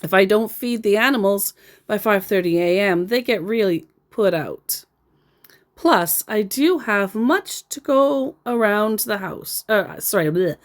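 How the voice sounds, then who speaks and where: A woman's voice: medium pitch, expressive, measured pace. A woman retelling a text chat in a dry, mocking way. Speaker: storyteller.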